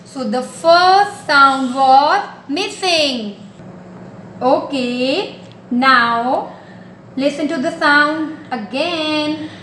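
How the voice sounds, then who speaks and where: A woman's voice: high voice, drawn-out words, bright, forceful tone, slight background noise. A woman teaching a nursery class, talking patiently and coaxingly in a sing-song way to small children. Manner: patient, coaxing, repeats simple instructions. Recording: echoey room.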